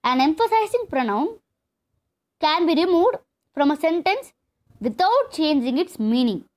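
High-pitched, animated woman teaching grammar. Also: measured pace. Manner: explains step by step, repeats key terms. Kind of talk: classroom lesson.

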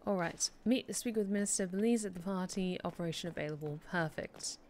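A woman's voice: lowish voice, fairly quick, a little mellow. A woman streaming a game, chatting casually and reading in-game notes aloud. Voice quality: chatty, frequent fillers. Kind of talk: casual let's-play chat.

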